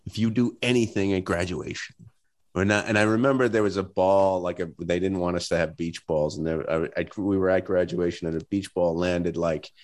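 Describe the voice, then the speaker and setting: A man's voice: low voice, steady tone, a little fast, hardly any pauses, darkish tone. A man co-hosting a casual podcast chat, laughing often and chiming in with details. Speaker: podcast co-host.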